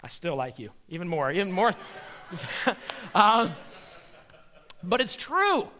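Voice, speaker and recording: A middle-aged man giving a comedic faith talk, animated and playful as he tells stories. His voice sits a bit high and sounds bright and forceful. He slips in and out of acted voices as he goes. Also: slow. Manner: animated storyteller acting out voices. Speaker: comedian and magician speaker.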